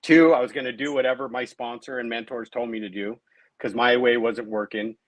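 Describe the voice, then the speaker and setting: A man's voice: medium pitch, fairly even intonation, brisk, no room sound, poor audio. A man in his late thirties, a guest in an interview, telling his personal recovery story in a conversational way, often adding "right?" and "you know". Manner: conversational, many tag questions and fillers.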